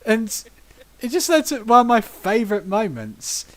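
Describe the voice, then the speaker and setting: A man from Britain hosting a relaxed podcast chat. His voice sits on the higher side for a man. He tells lively tabletop game stories, acts out quotes and laughs easily. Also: moderate pace. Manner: animated storyteller who acts out quotes and laughs often. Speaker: podcast host.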